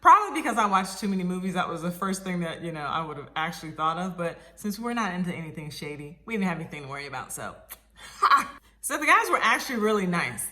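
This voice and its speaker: A woman vlogger telling a personal story in a casual storytime style, animated and exclaiming, quick to laugh. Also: fairly low pitch, noisy background.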